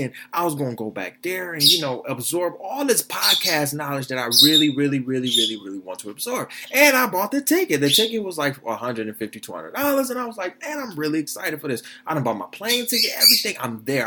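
A young man hosting a solo podcast, animated, blunt and profane, often asking if you follow him. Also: a little high, background noise. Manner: animated, blunt and profane, keeps asking "you understand what I'm saying?". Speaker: podcast host. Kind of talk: casual solo podcast commentary.

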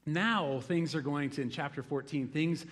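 A middle-aged man preaching a sermon in a conversational, animated way, acting out the voices in his stories. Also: on the high side, normal speed. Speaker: pastor.

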